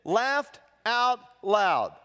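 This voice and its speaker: High-voiced preacher in a reverberant church. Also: male voice, drawn-out words, clean tone. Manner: animated storytelling preacher, acts out quoted voices. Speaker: pastor. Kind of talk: sermon. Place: church sanctuary. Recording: long church hall reverb.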